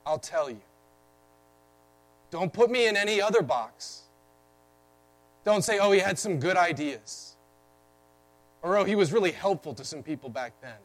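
A man's voice: high-pitched, lively intonation, measured pace, pauses often, rough recording. A man preaching a sermon as pastor, explaining a scripture text emphatically with frequent restarts.

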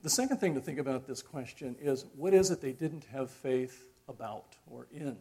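Husky middle-aged man preaching reflectively. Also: medium pitch, lively intonation, warm tone. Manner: reflective, conversational, many pauses and fillers. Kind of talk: sermon.

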